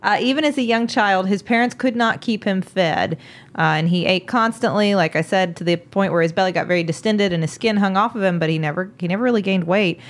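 A woman's voice: medium pitch, fairly quick. Brief: woman podcast host, casual storyteller, giggles often, chatty and amused.

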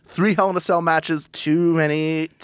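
A man hosting a casual wrestling podcast, playful and animated, with theatrical introductions. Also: a little high, measured pace, clear, resonant tone, dry recording. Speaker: podcast host.

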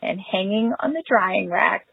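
A woman's voice: mid-range voice, lively intonation, measured pace, creaky, slightly rough, no room sound. A mother leaving a voicemail, telling a rueful, self-mocking story about her own parenting slip. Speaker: caller. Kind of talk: voicemail confession. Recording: tinny phone-line voicemail.

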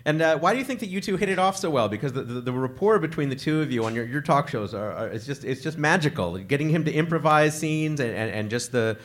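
A man's voice: a little high, animated, quick pace, hardly any pauses. A man hosting a quiz show in a jovial, teasing way.

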